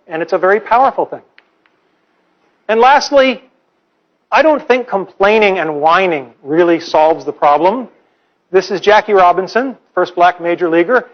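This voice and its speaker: High-voiced man lecturing with wry humor. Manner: wry, playful, earnest storytelling. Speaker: professor giving a lecture. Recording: slightly dull lecture recording.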